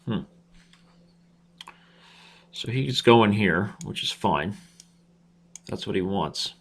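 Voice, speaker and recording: A man's voice: lowish voice, expressive, extremely slow, creaky, fairly bright tone, slightly rough. A man in his thirties hosting a live chess stream, commentating his own games with playful trash talk and asides to viewers.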